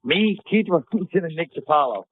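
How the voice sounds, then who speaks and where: A male comedian trading sarcastic, deadpan jabs in casual radio banter. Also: on the high side, a little fast. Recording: tinny phone-like radio audio.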